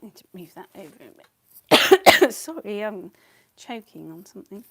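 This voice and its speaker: A woman chatting casually on a live stream while she paints, scattered and quick to laugh, muttering asides to herself. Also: medium pitch, very animated, fairly bright tone, slightly rough. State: a bit out of breath.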